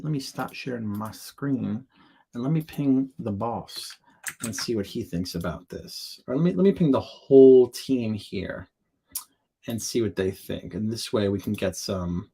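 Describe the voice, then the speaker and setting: A man's voice: medium pitch, a little mellow. A man from the United States hosting a casual live Q&A, chatty and playful, tossing in made-up words while sharing his screen. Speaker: livestream host answering seller questions. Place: home or office in Florida.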